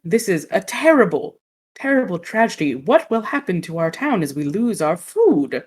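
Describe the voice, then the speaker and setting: Woman doing a grieving puppet king, theatrical, lower voice. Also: very animated, normal speed, darkish tone, husky. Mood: lamenting. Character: lamenting puppet Mushroom King.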